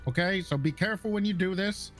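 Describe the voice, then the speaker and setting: High-voiced man instructing police recruits. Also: quick pace, fairly bright tone, soft background music. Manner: casual, repeats "okay" and "right" to check understanding. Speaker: police academy instructor in a roleplay server. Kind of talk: instructing recruits during game roleplay.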